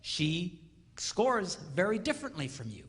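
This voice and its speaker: Animated man speaking on a hall stage. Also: high voice, measured pace. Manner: animated, playful, acts out quotes with sound effects. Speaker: marriage seminar speaker. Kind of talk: comedic live seminar talk. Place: large hall with live audience.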